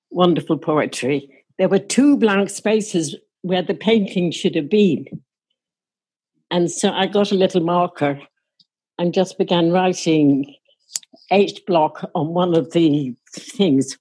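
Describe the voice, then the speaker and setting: Slow, husky older woman telling a story. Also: fairly low pitch, darkish tone, poor audio. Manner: wry, amused, laughs while telling. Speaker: storyteller recounting her own past. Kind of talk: casual spoken anecdote.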